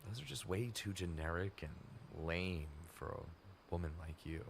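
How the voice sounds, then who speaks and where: A devoted male warrior, played by a man in a fan audio drama. He talks and narrates in a very low, calm voice. A clear ambient noise bed sits under him. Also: a little slow. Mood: tender.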